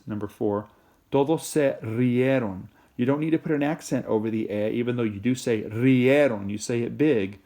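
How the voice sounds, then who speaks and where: A man teaching Spanish in a recorded video lesson, explaining in a relaxed, rambling way and checking in with "okay?" and "right?". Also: mid-range voice.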